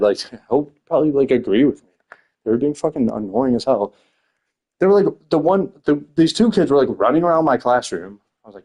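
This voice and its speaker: Fast-talking, with a lowish, dark voice, a young man who works as a teacher swaps loose, profane stories on a casual podcast. Fillers pile up throughout, and he laughs frequently.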